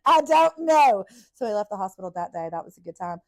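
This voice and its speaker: A woman, a podcast host telling childhood stories in a blunt, profane, animated way. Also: fairly low pitch, racing. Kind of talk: casual storytelling.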